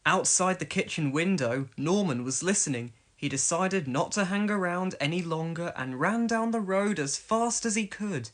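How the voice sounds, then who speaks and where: A woman narrating a children's storybook for a read-along. Her voice is expressive and animated. She sounds like a warm bedtime reader. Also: lowish voice, normal speed, few pauses.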